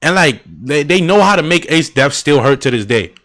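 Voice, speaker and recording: A young man with a high voice chats casually as a streamer about games and anime. His pitch swings widely as he gets excitable. He talks in slang with sudden emphatic outbursts. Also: moderate pace, noisy background. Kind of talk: casual gaming and anime chat.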